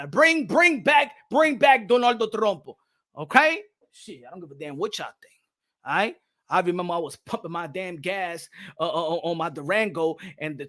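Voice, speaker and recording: A man's voice: sits high, sharp tone. A man giving a brash, profane comedic rant, mixing in Spanish. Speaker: comedic commentator.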